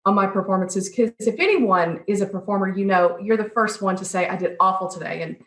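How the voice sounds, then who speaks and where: A woman pastry chef, a guest on an interview podcast, telling stories from her training in a lively way and acting out what other people said. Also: medium pitch, fairly quick. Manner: lively storyteller who acts out quoted people. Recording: roomy echo.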